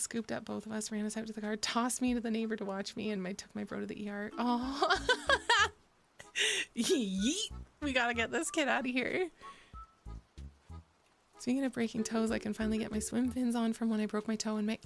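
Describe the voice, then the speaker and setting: Young woman streamer, candid and sweary, laughs a lot, faint music behind. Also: medium pitch. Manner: candid and profane, laughs often, gasps at stories. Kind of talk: casual chat reading viewer messages.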